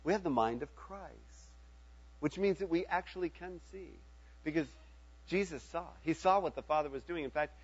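A man's voice: fairly high pitch, normal speed, breathy edge, lo-fi sound. A middle-aged man preaching a sermon in a conversational way, often checking in with his listeners. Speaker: pastor.

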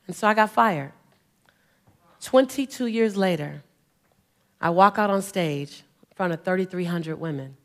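A woman's voice: on the low side, unhurried, long pauses. A woman in her forties giving a keynote to a live audience, telling humorous stories and calling for responses from the crowd. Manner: fervent, rousing exhortation. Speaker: motivational speaker.

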